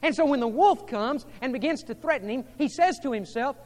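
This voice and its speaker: High-voiced man preaching in a hall. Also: lively intonation, a little fast. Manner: shifts between hushed intimate tones and emphatic rising delivery. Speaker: pastor. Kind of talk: sermon.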